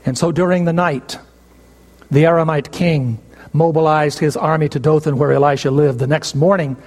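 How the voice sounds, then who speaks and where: A man preaches a sermon in a high voice, retelling a story with emphatic stresses and dramatic pauses. His words carry a long reverb, as in a large hall. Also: fairly even intonation, darkish tone.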